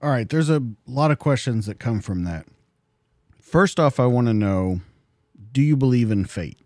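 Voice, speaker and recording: Male podcast host, direct and measured, dry close studio sound. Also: medium pitch, expressive, darkish tone, no room sound. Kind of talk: interview questions.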